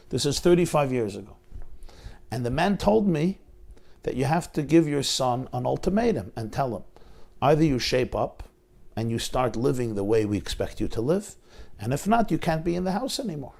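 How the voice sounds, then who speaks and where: Gravelly rabbi telling a moving story. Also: male voice, medium pitch, darkish tone. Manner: dramatic, retells dialogue with rising intensity. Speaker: rabbi lecturer. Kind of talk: emotional sermon storytelling.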